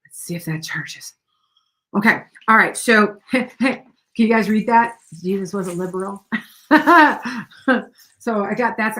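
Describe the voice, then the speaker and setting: A middle-aged woman hosts a casual tarot reading on a livestream, rambling and reassuring viewers by name. Her voice is mid-range and a little bright.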